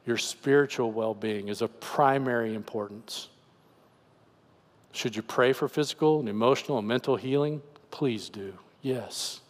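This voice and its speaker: A man's voice: medium pitch, a little slow, long reverb tail. A man preaching as pastor, earnestly explaining scripture in a conversational voice. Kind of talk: sermon. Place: church sanctuary.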